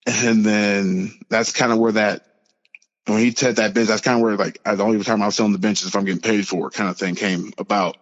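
A young man, a podcast guest, telling a personal story in an earnest, halting way with many fillers and restarts. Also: fairly low pitch, level tone. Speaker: podcast guest, pro football player. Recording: lo-fi with long reverb.

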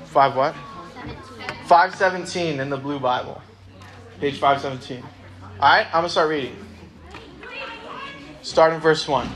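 A man's voice: a little high, a little slow, long pauses, fairly bright tone. A young man giving a casual, conversational sermon to a youth group, reading a Bible passage aloud. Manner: casual, conversational, many ums.

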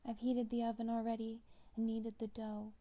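A woman's voice: a little high, completely flat delivery, normal speed, dark tone, close to an everyday voice. A woman voicing a wicked, greedy old witch with a jeering, bossy manner. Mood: impatient bossy.

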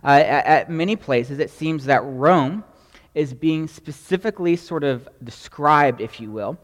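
A man's voice: on the high side, a little slow, long reverb tail. A man preaching a sermon in a conversational way, often checking in with "right?" as he teaches. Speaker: pastor.

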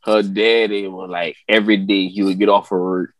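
A man's voice: deep voice, level tone, normal speed, fairly bright tone, dry recording. Laid-back man on a dry podcast mic. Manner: laid-back, rambling, full of fillers. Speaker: podcast co-host. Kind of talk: casual podcast storytelling.

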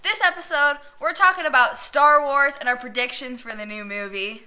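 A woman's voice: sits high, steady tone, normal speed, bright, forceful tone. A young woman hosting a casual podcast with her siblings, steering the topic and laughing easily. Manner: leads the talk, laughs easily. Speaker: podcast host. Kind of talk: casual chat.

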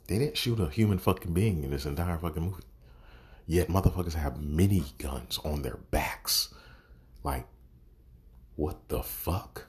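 A man's voice: a bass voice, a little slow, long pauses, a little mellow, breathy edge. A man giving a casual, profane movie review, exasperated and sarcastic, swearing constantly.

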